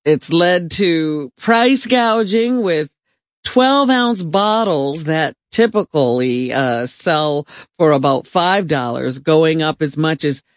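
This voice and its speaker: Slow, lively-pitched man reading news. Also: dry recording, clean studio sound. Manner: measured, with fillers. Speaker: news reader on a radio show.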